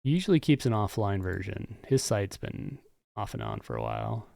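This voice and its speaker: A man's voice: fairly low pitch, huge pitch swings, normal speed, gravelly, warm tone, no echo. A man live-streaming his coding work, talking casually and thinking aloud with muttered asides. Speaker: streamer and game developer.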